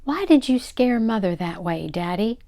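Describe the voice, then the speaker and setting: A woman's voice: medium pitch, big pitch swings, moderate pace, darkish tone, pitched above the performer's own voice. Woman doing a stern little girl. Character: stern, sensible young girl.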